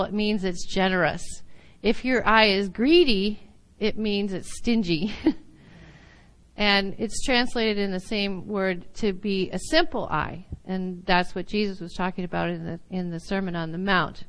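A woman teaching a Bible lesson in sermon style, animated and laughing often, sometimes acting out little voices. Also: medium pitch, clear, resonant tone, rough recording.

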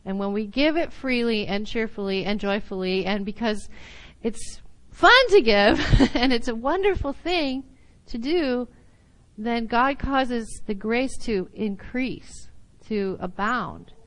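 A woman teaching a Bible lesson to a group, her voice sitting a little high. She is animated and laughs often, sometimes slipping into playful little voices to act out a point. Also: measured pace, low-quality recording. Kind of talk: sermon teaching.

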